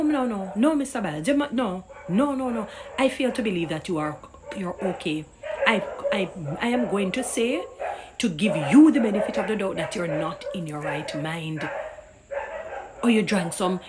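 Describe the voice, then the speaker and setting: A woman's voice: fairly low pitch, background noise. A woman with a Jamaican accent delivering an impassioned, indignant opinion rant that preaches and cites scripture. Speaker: commentator.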